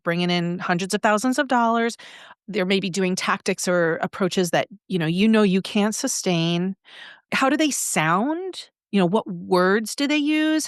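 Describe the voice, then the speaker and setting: A middle-aged woman who coaches on brand voice, talking in a lively, conversational way as a podcast guest. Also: mid-range voice, dry recording, clean studio sound. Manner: animated, acts out examples in shifting voices.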